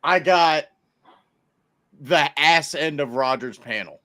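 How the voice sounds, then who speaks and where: A man co-hosting a casual podcast chat, animated, laughing often and swearing freely. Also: fairly high pitch, slow pace. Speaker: podcast co-host.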